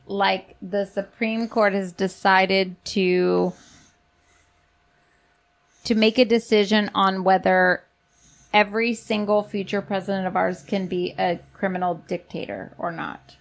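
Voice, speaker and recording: A woman hosting a casual podcast, with a gravelly, vocal-fry edge on a voice of middling pitch. She rambles chattily with plenty of fillers and self-corrections, turning blunt and sarcastic when politics comes up. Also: flat delivery, a little slow. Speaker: podcast host.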